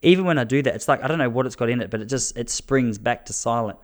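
An Australian man in his thirties talks straight to his listeners in a loose, rambling monologue. He tells his stories with animated energy and keeps restarting his sentences. His pitch sits in an ordinary middle range for a man. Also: fast talker. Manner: animated, chatty storyteller with frequent restarts. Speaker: podcast host and stand-up comedian. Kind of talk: casual storytelling monologue.

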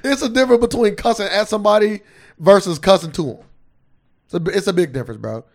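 A man co-hosting a casual podcast, ranting and swearing freely, his voice jumping up high and loud when he gets heated. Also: fast talker, creaky. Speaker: podcast co-host.

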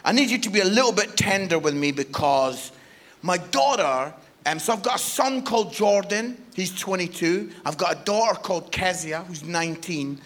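A man's voice: high voice, moderate pace. A Scottish man in his forties, a guest preacher telling a funny personal story in a sermon and acting out the dialogue. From Scotland. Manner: animated, humorous, acts out dialogue.

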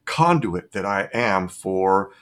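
A man's voice: low voice, expressive, slow, fairly bright tone. A middle-aged man talking as a podcast guest, speaking expansively and enthusiastically in a philosophical, reflective way. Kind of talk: reflective conversation.

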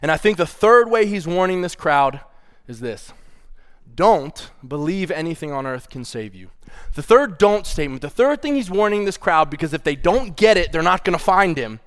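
Man, young adult, pastor, sermon, fairly high pitch, playful, animated scripture reading. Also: normal speed, smooth. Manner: animated, playful, reads scripture with feeling and chuckles.

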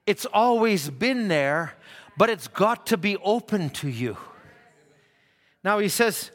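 A man with a high-set, bright and forceful voice preaches a sermon in church. He tells stories and acts out the people in them as he goes. It is the voice of a preacher holding a congregation. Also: animated, slow pace. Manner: storytelling, acting out quoted dialogue.

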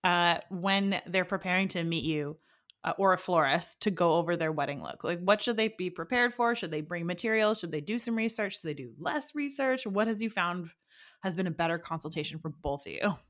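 A woman co-hosting a casual podcast chat, chatty and quick to laugh, asking her guest questions. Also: on the low side, expressive, fairly bright tone. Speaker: podcast co-host.

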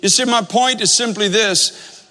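Pastor, male, high voice, earnest storyteller, echoing sanctuary. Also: unhurried, bright, forceful tone. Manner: earnest storytelling, repeats phrases for emphasis. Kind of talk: sermon with storytelling.

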